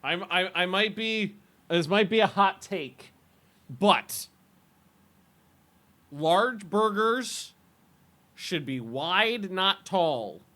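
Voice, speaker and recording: A man's voice: high-pitched, expressive, extremely slow, long pauses, bright, forceful tone. A man casually chatting with viewers while streaming a game, rambling and laughing often.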